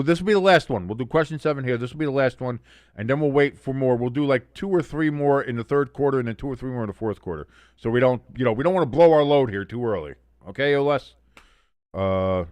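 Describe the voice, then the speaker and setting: Male watch-along host, casual stream chat, foul-mouthed, pitch swings widely, dry close sound. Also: dry recording. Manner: profane, animated, reads chat aloud.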